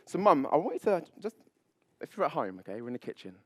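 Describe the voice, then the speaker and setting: A man, a public speaking coach, leading a live seminar on stage with high energy, playful banter and frequent laughs. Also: very animated, fast, fairly bright tone, slightly rough, no echo. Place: event stage before an audience.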